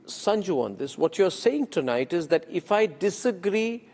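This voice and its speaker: A man anchoring a heated TV debate, forceful and incredulous, cutting in on guests. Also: sits high, sing-song, moderate pace, in a large hall.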